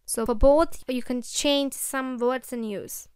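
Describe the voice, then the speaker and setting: Sri Lankan-accented female English teacher; clear, smooth voice; repeats each example sentence. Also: high-pitched, fairly even intonation, dry recording, studio quality. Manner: repeats example sentences slowly, addresses children directly. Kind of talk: slow, deliberate classroom explanation.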